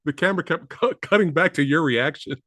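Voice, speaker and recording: A man's voice: on the high side, brisk, sharp tone, dry recording. A man hosting an interview, talking with hyped, exclamatory enthusiasm. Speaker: interview host.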